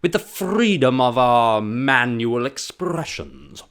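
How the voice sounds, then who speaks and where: A man's voice: mid-range voice, sing-song, takes it slowly, a bit bright, clean tone, voice pushed up, full character voice. A man putting on the voice of a pompous, posh British comedian. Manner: pompous, prim.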